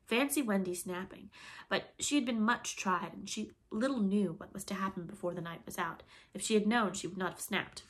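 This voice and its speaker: A woman reading a storybook aloud in a steady, expressive manner. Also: mid-range voice, moderate pace. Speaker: audiobook reader. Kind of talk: storybook narration.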